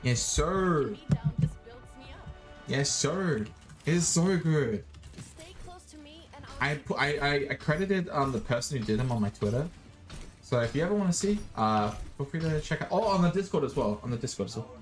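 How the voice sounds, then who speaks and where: A man's voice: a little high, expressive, moderate pace, pauses often, faint music behind. A young Australian man streaming a game, chatting casually and goofing around with viewers. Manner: goofy, playful, swears, sings robot noises. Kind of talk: casual gaming stream chat.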